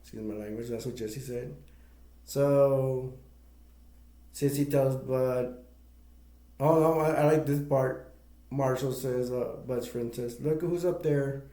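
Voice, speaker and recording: A man's voice: medium pitch, steady tone, slow pace, long pauses, mellow, reverberant. A man casually retelling the plot of a movie for a review, rambling with many fillers and restarts.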